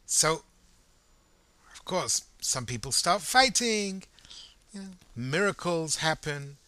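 A man telling a story in a lively, conversational way, addressing the listener directly and acting out the voices of crowds. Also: a little high, takes it slowly, no echo. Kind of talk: animated oral storytelling.

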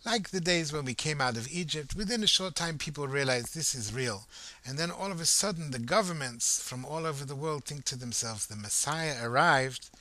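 A man telling a story in a lively, conversational way, addressing the listener directly and acting out the voices of crowds. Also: fairly high pitch, a little fast. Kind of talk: animated oral storytelling.

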